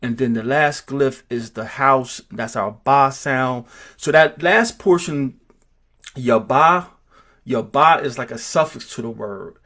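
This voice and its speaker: A man teaching an informal group class, talking slowly and thinking aloud, with many restarts and repeated words. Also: mid-range voice, a bit bright. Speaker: teacher of a Hebrew roots class.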